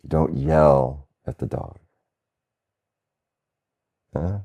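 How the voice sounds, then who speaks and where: Slow deep-voiced man teaching satsang, gravelly and mellow, chuckles and asks huh. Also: fairly even intonation. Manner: slow, gentle, with soft laughs and questioning "huh?". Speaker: spiritual teacher. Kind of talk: satsang talk. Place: Asheville, North Carolina.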